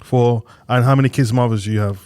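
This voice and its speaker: Male podcast host, mid-pitched voice, calm interviewer, dry close sound. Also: fast talker, dry recording. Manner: calm, guiding questions.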